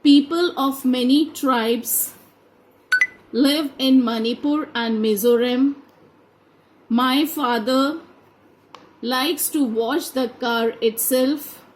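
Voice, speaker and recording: A woman's voice: high-pitched, slow pace, pauses often, a little hiss or hum, low-quality recording. A woman teaching a grammar lesson to a class, reading each sentence aloud and spelling out the answers. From India. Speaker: school teacher.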